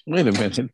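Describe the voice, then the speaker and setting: A man co-hosting a podcast, chatting casually in a lively, teasing way that often stumbles over repeated words. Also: mid-range voice, husky, no echo. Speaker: podcast co-host. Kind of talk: casual chat.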